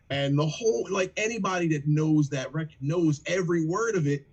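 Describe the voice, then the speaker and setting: A man, a rapper in a band, chatting casually on a livestream, animated and profane as he breaks down lyrics. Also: fairly high pitch, brisk, breathy edge, poor audio.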